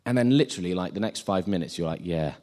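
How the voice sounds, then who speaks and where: A man's voice: low-pitched, very fast, darkish tone. A man giving an informal sermon, chatty and self-deprecating, acting out the scenes he retells.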